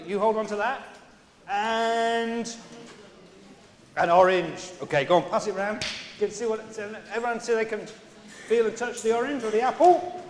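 A man leading a playful children's talk in a large church, chatty and coaxing the kids along. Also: high-pitched. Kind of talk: playful all-age church talk with props. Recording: echoey church hall with long reverb.

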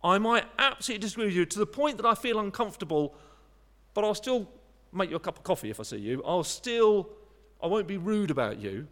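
Man, sermon, fairly high voice, earnest and conversational, long church reverb. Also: lively intonation, a little fast, fairly bright tone. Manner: earnest, conversational, with frequent restarts. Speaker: preacher.

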